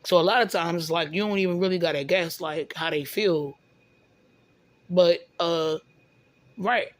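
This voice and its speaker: A woman's voice: on the low side, unhurried. A woman venting in a casual monologue, rambling and often stumbling over repeated words. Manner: rambling, repeats words, often says "you know what I'm saying".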